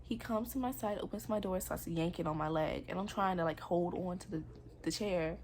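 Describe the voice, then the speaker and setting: A woman's voice: lowish voice, a little fast, a little mellow, a little hiss or hum. A young adult woman telling her own story in a personal vlog, candid and earnest, with casual slang. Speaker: vlogger.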